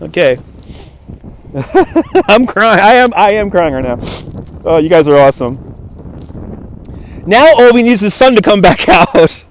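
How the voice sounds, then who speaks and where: A man's voice: high voice, sing-song, measured pace, long pauses, a little hiss or hum. A man hosting a live walking stream outdoors, chatty and laughing as he thanks viewers by name, filmed on a phone on a gimbal. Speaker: livestream host. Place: outdoors on a cold waterfront.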